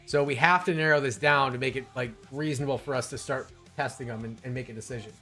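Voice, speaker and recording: A man's voice: mid-range voice, quick pace, bright, forceful tone, faint music behind. A man hosting a live stream in casual talk, rambling and restarting his sentences often. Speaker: streamer host.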